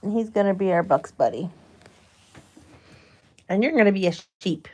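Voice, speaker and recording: A woman's voice: mid-range voice, lively intonation, moderate pace, darkish tone. A young woman on a farm, cooing and teasing her animals in a pen in casual chat. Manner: cooing baby talk to animals, playful teasing. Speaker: farm vlogger.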